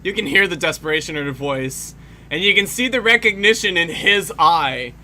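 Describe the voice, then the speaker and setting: A man's voice: on the high side, expressive, normal speed, bright, forceful tone, a little hiss or hum. A man giving casual film commentary, swearing freely and laughing often.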